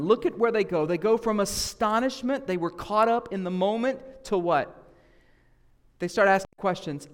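A man with a Southern US accent delivers a sermon in a lively, conversational way, swinging his pitch widely as he acts out the people he quotes. His voice sits a little high for a man. The sound carries a long reverb, as if from a church sanctuary. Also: a little fast. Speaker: guest preacher. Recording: echoey hall reverb.

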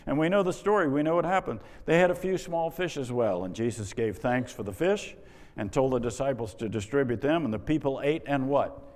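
A man's voice: mid-range voice, brisk, darkish tone. A man preaching a sermon, with wry rhetorical questions and exasperated asides. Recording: long reverb of a large hall.

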